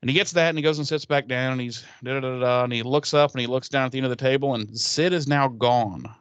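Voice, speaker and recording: A man recapping a TV episode on a podcast in a loose, animated way, jumping into the characters' voices mid-story. His voice sits at a middle pitch. The sound is dry and a little dull. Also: quick pace, clean tone, no room sound. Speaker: podcast co-host. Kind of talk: casual recap chat.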